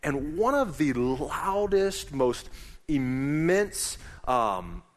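A man's voice: a little high, very animated, very slow, big-room sound. A middle-aged man preaching a sermon as pastor, conversational and emphatic.

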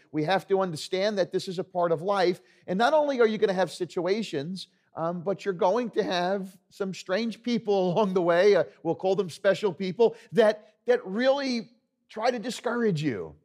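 A man's voice: high-pitched, a little mellow. A male pastor preaching a sermon in an earnest, conversational, storytelling way.

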